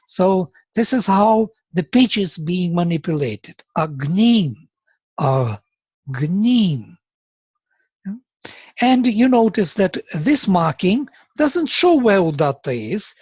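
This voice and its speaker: A man lecturing slowly and deliberately, explaining terms with chanted examples. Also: high voice, darkish tone, husky, dry recording. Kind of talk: university lecture. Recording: dull, lo-fi lecture recording.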